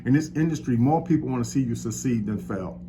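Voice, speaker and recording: A man's voice: medium pitch, quick pace, background noise. A man, a real estate agent from New York, talking to camera in an encouraging, preacher-like way. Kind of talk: motivational talk to camera.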